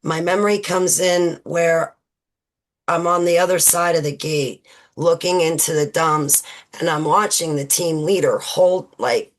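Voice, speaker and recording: Low-voiced woman recounting memories. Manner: halting, with many fillers and restarts. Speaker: guest. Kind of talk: recounting personal memories in an interview.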